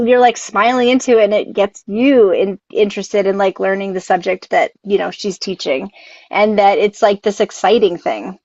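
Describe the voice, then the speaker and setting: A woman's voice: on the high side, no echo. A woman co-hosting a casual live stream, rambling, laughing often and tripping over her words. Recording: dull, dry lo-fi sound.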